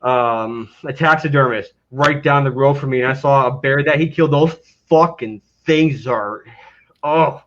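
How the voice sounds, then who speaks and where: A man's voice: mid-range voice, unhurried, a bit bright, muffled recording, slight background noise. A man co-hosting a casual talk show, rambling and swearing easily. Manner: laid-back, rambling, profane. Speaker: co-host. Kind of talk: casual chat.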